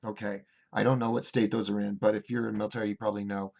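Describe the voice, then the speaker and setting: Racing along in a creaky voice, the male host of a call-in livestream reads chat messages aloud and rambles casually with fillers and restarts, flipping between excited outbursts and muttered asides.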